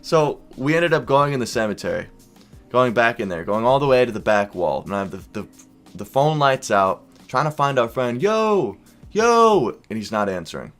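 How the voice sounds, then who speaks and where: A man's voice: medium pitch, faint music behind. Young man telling a wild story. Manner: animated, swearing, quick bursts into quoted voices. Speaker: YouTuber. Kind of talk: casual storytelling vlog.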